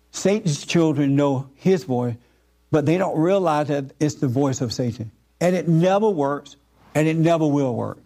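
A man giving an informal spiritual talk to a group, earnest and repetitive, with frequent halting fillers. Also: on the high side, warm tone.

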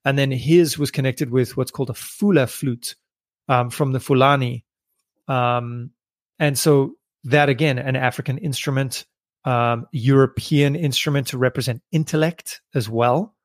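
A man's voice: mid-range voice, steady tone, measured pace, dry recording, studio quality. A man hosting a solo podcast, talking casually and thinking aloud with frequent fillers and restarts. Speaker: podcast host.

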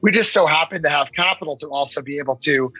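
A man being interviewed as an investor, talking quickly and animatedly, often acting out what others might say. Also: on the high side, slightly rough, no echo, low-quality recording. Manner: fast, animated, acts out quoted voices. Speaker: investor and podcast guest. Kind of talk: casual interview talk.

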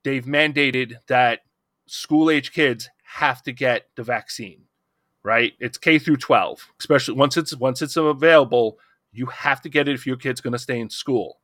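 In a casual podcast roundtable, a middle-aged male co-host talks at a moderate pace with a medium, slightly bright voice. He's impassioned and rambling, often restarting. The studio sound is clean, with no room sound.

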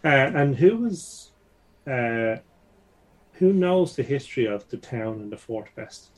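Slow, hesitant male tabletop player. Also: mid-range voice, expressive. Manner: hesitant, polite. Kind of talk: tabletop role-play, in character.

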